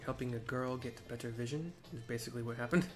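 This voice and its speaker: A man's voice: mid-range voice, fairly even intonation, quick pace, over loud music. A man casually narrating his gameplay for blind viewers, chatty and wry, reacting to the story as it plays.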